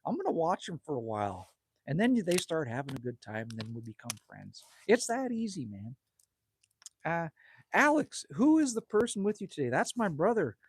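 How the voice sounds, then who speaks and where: A husky, fairly high-pitched voice with huge pitch swings and a moderate pace belongs to a Canadian livestream host in his fifties. He reads viewer comments in casual live chat and bantering crudely by the campfire outside his cabin.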